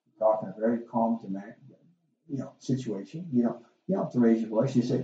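Male pastor, middle-aged, folksy conversational sermon, rhetorical questions, dark tone, muffled recording. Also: medium pitch, a little fast, reverberant.

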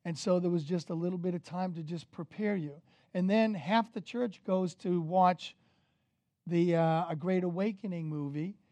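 A man preaching a sermon as pastor, energetic and conversational, with casual fillers. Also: sits high, moderate pace, no room sound.

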